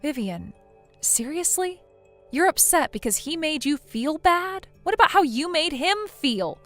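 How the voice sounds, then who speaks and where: A woman's voice: high-pitched, animated, measured pace, soft background music. A woman voicing a blunt young female friend in a text-message story, lecturing firmly. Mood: scolding. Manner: firm, lecturing.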